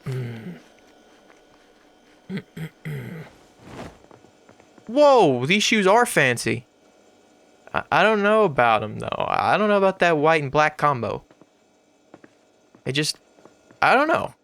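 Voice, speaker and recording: A man rambling through casual let's-play commentary as a gaming YouTuber, with sudden loud outbursts and swearing. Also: fairly high pitch, big pitch swings, a little slow, long pauses.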